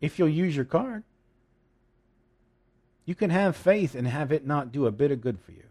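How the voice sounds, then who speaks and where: A man's voice: on the high side, expressive, moderate pace, darkish tone. A man preaching a sermon, reading scripture and explaining it emphatically, with jokes and asides.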